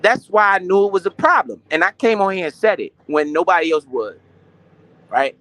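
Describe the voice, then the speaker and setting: A young adult man with a high-pitched voice talks in a casual, slangy live stream, swearing freely. He asks questions and answers them himself in an animated way. The sound is dry and close, with no room echo. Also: moderate pace. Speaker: finance streamer.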